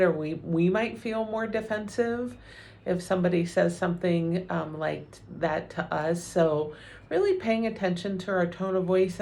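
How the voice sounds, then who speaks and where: A middle-aged woman counselor giving a calm, encouraging educational talk, with frequent ums and "right?" check-ins. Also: fairly low pitch, creaky.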